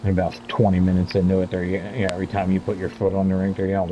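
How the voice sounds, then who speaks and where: A man's voice: low voice, completely flat delivery, rapid-fire, highs cut off, slight background noise. A talkative man in his fifties chatting casually over gameplay as a streamer, rambling from story to story and laughing often. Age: 50s. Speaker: gaming streamer.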